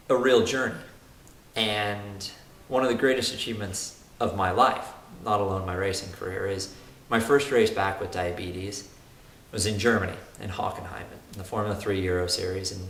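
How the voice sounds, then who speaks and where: A man's voice: lowish voice, fairly bright tone. A young man, a race car driver, telling his own story in an earnest, reflective way, often restarting his sentences. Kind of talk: personal testimonial. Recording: roomy room with faint hiss.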